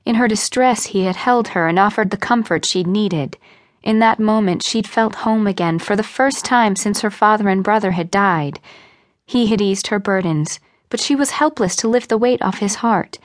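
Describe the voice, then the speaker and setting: A woman reads a novel aloud with expressive storytelling, her voice at a middle pitch. The recording is close and dry. She shifts her voice to play each character. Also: normal speed, dry recording. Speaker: audiobook narrator. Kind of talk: scripted narration.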